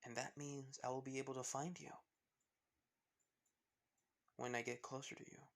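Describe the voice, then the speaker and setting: A man voicing a kind, protective teenage boy hero who speaks in soft, quiet reassurance. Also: medium pitch, level tone, normal speed, creaky, lightly acted. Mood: tender.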